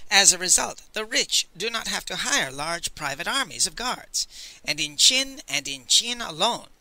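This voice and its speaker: A wry, scheming old sage , as a male narrator plays him, lays out his plans with knowing amusement. His voice is bright and animated, moving freely in pitch. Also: normal speed, heavily acted, poor audio. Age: older. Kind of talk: audiobook character voice.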